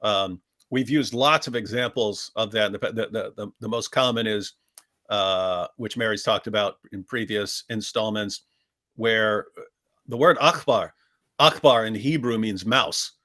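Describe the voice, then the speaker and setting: A man's voice: lowish voice, unhurried, bright, forceful tone. A man co-hosting a debate review, talking casually and sarcastically, mocking opposing arguments with exaggerated mimicry. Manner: emphatic, repeats phrases when building a point. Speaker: co-host of a debate review show. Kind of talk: casual discussion, commentary.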